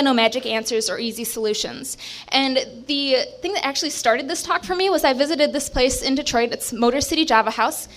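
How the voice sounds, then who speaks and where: A woman giving a short timed talk on stage to an audience, speaking in a brisk, conversational and encouraging way. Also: high-pitched, a bit bright. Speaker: presenter at a community speaking event. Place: bistro event stage with an audience.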